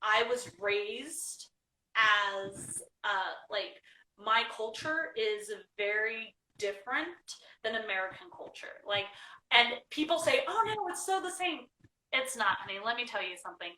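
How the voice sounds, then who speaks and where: A woman's voice: medium pitch, measured pace, pushed and bright. A woman talking as a guest in a casual interview, chatty, laughing often and checking in with "right?". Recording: echoey room, mic at a distance, faint noise.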